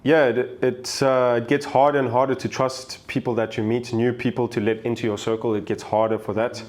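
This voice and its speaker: Young man, halting podcast chat. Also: medium pitch, flat delivery, a little mellow. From South Africa. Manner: halting, repeats words while searching for phrasing. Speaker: guest. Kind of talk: casual podcast conversation.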